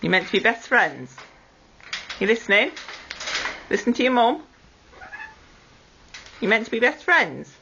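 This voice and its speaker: A woman's voice: on the high side, big pitch swings, measured pace, pauses often, sharp tone. A woman talks baby talk to her pet parrots at home, coaxing them and scolding them fondly. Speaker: pet owner. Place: home room with parrot cages. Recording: lo-fi 2008 home video with faint noise.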